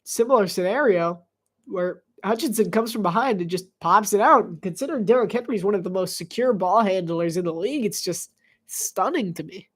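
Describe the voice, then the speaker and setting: A woman giving solo live play-by-play commentary on a football game, chatty and quick to laugh, joking between plays. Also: mid-range voice, slightly rough.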